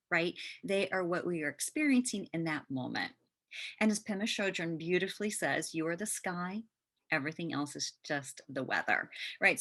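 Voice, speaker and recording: A woman hosting a podcast, talking in a gentle, conversational way and often checking in with "right?". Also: lowish voice, slightly rough. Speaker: podcast host. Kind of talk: casual self-help talk.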